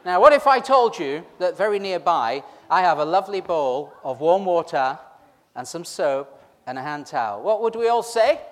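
A man's voice: on the high side, animated, moderate pace. A man preaching an interactive Easter sermon, chatty and teasing as he pulls the congregation in. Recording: long reverb of a large hall.

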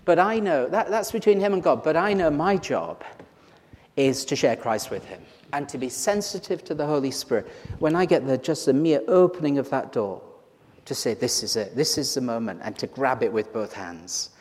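A man's voice: mid-range voice, animated, moderate pace, a little mellow, big-room sound. A man leading a church course, speaking earnestly and then lightly as he introduces a video.

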